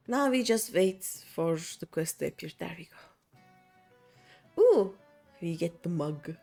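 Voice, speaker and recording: Young female streamer, casual and chatty, soft music bed. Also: fairly low pitch, expressive, measured pace, vocal fry, pauses often. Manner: chatty, counting under her breath. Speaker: game streamer. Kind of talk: casual chat while playing.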